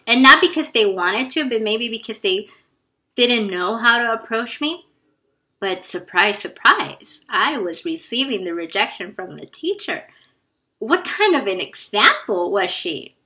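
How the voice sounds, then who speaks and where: Speaking with a slightly high, bright and forceful voice, a woman vlogger shares a personal story at a slow, earnest pace, occasionally dropping to a hush for asides.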